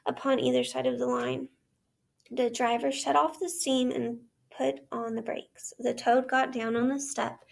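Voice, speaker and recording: A woman teacher reads a story aloud in a measured way and stops to ask the listener questions. Her voice sits high for a woman and carries a strong gravelly fry. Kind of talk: read-aloud lesson narration.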